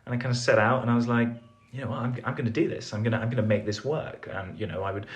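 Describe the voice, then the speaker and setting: A young man from England, a foreign correspondent, races through a rambling, self-deprecating anecdote as a podcast guest. His mid-range voice is full of fillers and restarts during the casual storytelling interview.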